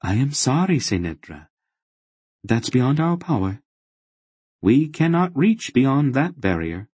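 A man doing a gentle, firm sorceress aunt. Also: medium pitch, big pitch swings, husky, dry recording, pitched above the performer's own voice, exaggerated voice. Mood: sad. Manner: soft, measured, sorrowful. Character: calm grown woman sorceress, gentle and firm.

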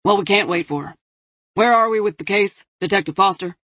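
A woman's voice: mid-range voice, a little fast, fairly bright tone, no room sound, close to an everyday voice. A woman voicing a male detective briefing his team in a matter-of-fact tone. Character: male detective reporting case findings.

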